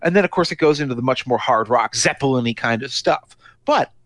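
A man's voice: mid-range voice, brisk, no echo. Chatty man hosting a music podcast. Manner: talkative, many "like" fillers, animated. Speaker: podcast host. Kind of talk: casual music discussion.

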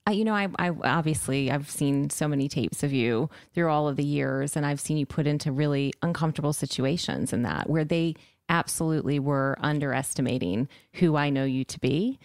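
A woman's voice: low-pitched, a little fast, few pauses, darkish tone, no room sound, clean studio sound. A woman hosting a podcast, leading a casual interview and speaking with enthusiasm and admiration for her guest. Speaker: podcast host.

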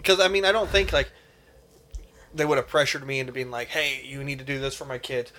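Bright-voiced young man, rambling. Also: mid-range voice, fairly even intonation, fairly quick. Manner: earnest, rambling, filler-heavy. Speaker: podcast co-host. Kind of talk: casual chat.

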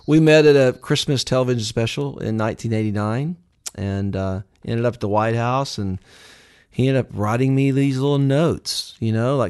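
A man's voice: medium pitch, moderate pace, darkish tone, smooth. A man in his sixties as an interview guest, speaking in a rambling, heartfelt way with many fillers. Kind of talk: casual interview.

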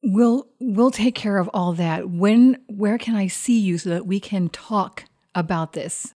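A woman's voice: unhurried, warm tone, close to an everyday voice. A woman voicing Tira, a resolute adventurer. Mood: earnest. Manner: earnest, lowered and careful.

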